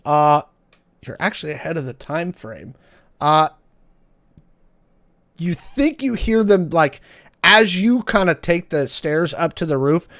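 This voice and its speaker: A man's voice: a little high, expressive, measured pace, pauses often, fairly bright tone, no echo, studio quality. A man narrating a tabletop role-playing game as game master, describing scenes with many ums and uhs.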